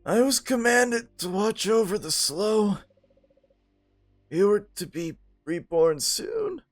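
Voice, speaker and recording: A man's voice: high-pitched, big pitch swings, slow, soft background music, voice pushed up, exaggerated voice. A man voicing a solemn old uncle. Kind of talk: reading game dialogue aloud.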